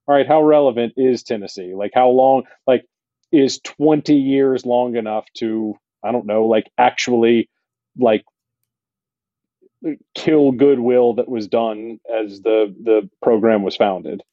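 A man co-hosting a sports podcast, talking casually and haltingly with many restarts. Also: medium pitch, steady tone, warm tone, dry recording. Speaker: podcast co-host. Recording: dry, dull lo-fi mic.

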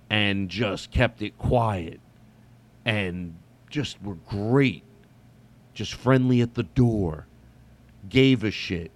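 A man telling a story casually as a comedian host, rambling with many restarts and some swearing. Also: on the low side. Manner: rambling, profane, lots of restarts.

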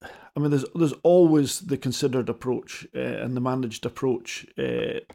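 A man in a casual rally chat, speaking haltingly with many restarts, then settling into considered opinions. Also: medium pitch, gravelly, warm tone.

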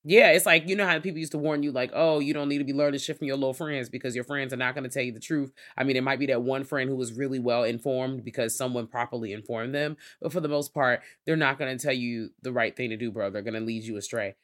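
A man's voice: medium pitch, steady tone, fast, few pauses. Laid-back profane man podcast co-host. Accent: Southern US. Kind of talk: casual movie review chat.

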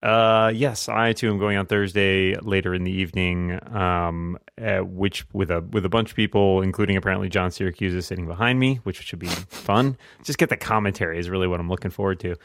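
Wry low-voiced man on a podcast. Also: steady tone, a little fast, few pauses, a bit bright, dry recording, clean studio sound. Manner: wry, chuckling asides. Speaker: podcast panelist. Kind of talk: casual chat.

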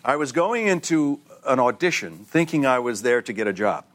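Visiting a TV talk show, a middle-aged male actor shares stories energetically, doing voices for the people in them and laughing frequently. He speaks at a normal speed in a mid-range voice.

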